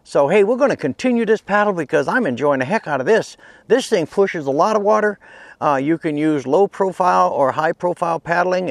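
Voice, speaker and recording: A man with a slightly higher voice records his own casual product review outdoors, first out on a lake and later on a patio. He is folksy and enthusiastic, and he repeats his points for emphasis. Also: no echo. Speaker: kayak gear reviewer.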